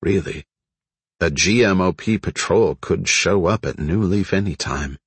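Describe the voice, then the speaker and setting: A man narrating an audiobook in a steady, measured way. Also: sits low, slightly rough, dry recording. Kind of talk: scripted narration.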